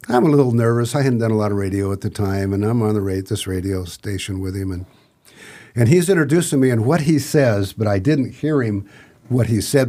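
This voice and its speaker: A man's voice: lowish voice, mellow. A middle-aged man, a podcast guest, telling rambling anecdotes in casual conversation and acting out what others said. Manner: rambling anecdotes with acted-out quotes and restarts. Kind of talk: casual storytelling.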